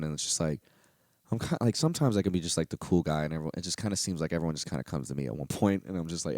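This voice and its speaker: A man's voice: deep voice, a little mellow, no room sound, clean studio sound. A young man hosting a solo podcast, talking in a rambling, candid, profane way with lots of fillers. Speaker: podcast host. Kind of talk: casual solo podcast monologue.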